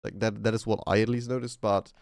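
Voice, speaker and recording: A man hosting a casual developer podcast, relaxed and easygoing. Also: on the low side, fast talker, gravelly, no echo, studio quality. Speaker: podcast host.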